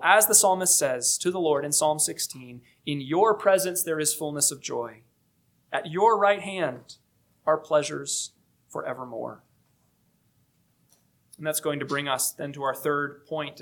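A man preaching a sermon, measured and emphatic, slowing down to stress key phrases. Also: on the high side, a bit bright.

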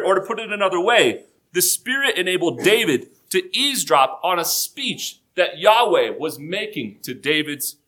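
A man's voice: fairly high pitch, sharp tone. Man preaching an expository sermon. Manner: expository preaching with dry humor, slowing for emphasis. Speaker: pastor.

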